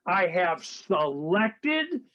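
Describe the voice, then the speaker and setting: Talk radio host: older man, high voice, rambling and animated. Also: very slow, dull audio. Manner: rambling, animated, acts out quoted people in a raised voice. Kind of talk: casual political chat.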